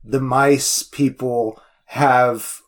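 A man co-hosting a podcast, chatting casually about an animated film, full of ums and restarts, often trailing off quietly at the end of sentences. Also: medium pitch, extremely slow. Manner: hesitant, filler-heavy, trailing off quietly. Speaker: podcast co-host.

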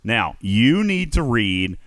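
A man's voice: mid-range voice, very animated, takes it slowly, a bit bright, no room sound. A man hosting a casual podcast livestream, playful and hyping up his audience. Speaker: podcast host.

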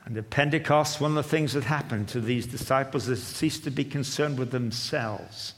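A man preaching a sermon, moving between loud proclamation and quiet asides. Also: mid-range voice, moderate pace. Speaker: pastor. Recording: long reverb of a large hall.

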